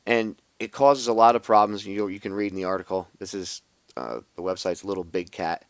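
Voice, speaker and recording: Low-voiced man rambling to camera. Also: fairly quick, clean tone, no room sound. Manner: rambling, many restarts; sarcastic. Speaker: video blogger. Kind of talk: casual explanatory monologue.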